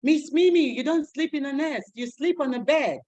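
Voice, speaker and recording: A woman voicing a class of excited young children who eagerly chant and playfully correct their teacher. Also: high voice, moderate pace, no echo, pitched above the performer's own voice, lightly acted. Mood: insistent, giggly.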